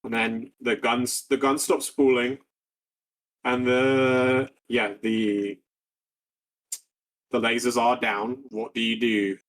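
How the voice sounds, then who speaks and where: A man running a tabletop game as game master, describing the scene in a rambling way. He keeps circling back with fillers and restarts as he works out each detail, at an ordinary middle pitch. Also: little pitch movement, slow, pauses often, a bit bright.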